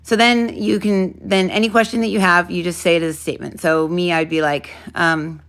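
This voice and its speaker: A woman with a low, gravelly voice talks through an intuition lesson in a loose, casual way. She rambles, restarts her sentences and fills the gaps with "um" and "like". She sounds like someone in her thirties explaining things off the cuff. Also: fairly even intonation, fairly quick, a bit bright. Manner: rambling, self-interrupting, many fillers. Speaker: intuition teacher. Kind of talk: casual spoken lesson to camera.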